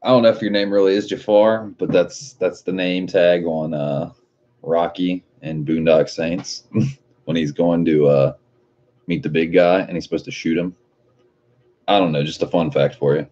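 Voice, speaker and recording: A man's voice: sits low, steady tone, normal speed, warm tone, highs cut off. A man hosting a casual livestream, reading viewer comments aloud and joking with a lot of profanity and frequent laughter. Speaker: livestream host.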